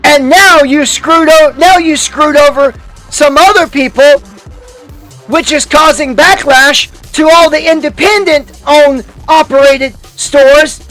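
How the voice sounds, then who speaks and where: A man's voice: very high-pitched, slow, a bit bright, soft background music. A man hosting a YouTube commentary, delivering a heated, profane rant full of restarts and angry outbursts.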